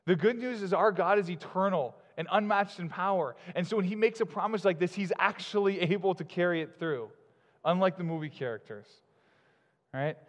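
Male pastor, relaxed conversational sermon, slightly raised voice, echoing hall. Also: sits high. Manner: conversational, chatty preaching with fillers and quick laughs. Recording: long hall reverb.

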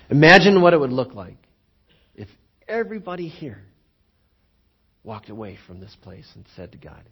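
Husky-voiced man preaching. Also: fairly low pitch, unhurried, long pauses, dull audio. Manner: animated storytelling, acts out quoted voices, chuckles often. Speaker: pastor. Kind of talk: sermon.

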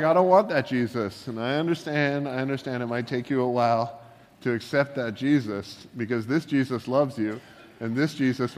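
A man delivering a casual, humorous sermon, drifting into playful asides before returning to the point. His voice sits at an ordinary middle pitch. Long reverb trails each phrase, as in a church hall. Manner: joking, conversational preaching with asides. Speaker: pastor.

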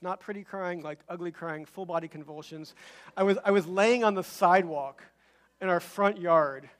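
A middle-aged pastor preaches a sermon, telling a personal story with halting restarts that builds toward emphatic repeated phrases. His voice is a little high with a fairly bright tone.

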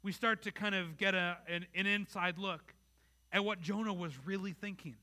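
Male pastor, high voice, very bright and cutting tone, earnest conversational sermon full of rhetorical questions. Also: steady tone, moderate pace. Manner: earnest, talks straight to the congregation with rhetorical questions.

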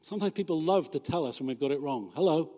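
Pastor guy preaching, kinda high voice, jokey and chatty, lots of "isn't it?" questions, big hall echo. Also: animated, fast, dark tone. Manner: conversational and humorous, full of rhetorical questions. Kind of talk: sermon.

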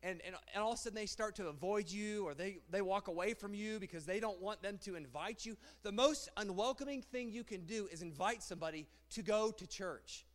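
A married man preaching a sermon as pastor, animated and rhetorical, often repeating phrases. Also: sits high, fairly quick, few pauses. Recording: long hall reverb.

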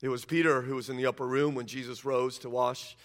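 A man's voice: mid-range voice, little pitch movement, fairly quick. A male pastor preaching a sermon, retelling scripture scenes emphatically and acting out the quotes.

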